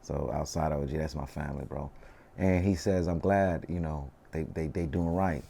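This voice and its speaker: A man tells stories in a relaxed interview, his voice very low and mellow. He talks loosely in slang, circling back with "you know what I mean". The delivery stays unhurried and conversational. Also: vocal fry, breathy edge. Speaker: rapper, interview guest. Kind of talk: casual storytelling interview.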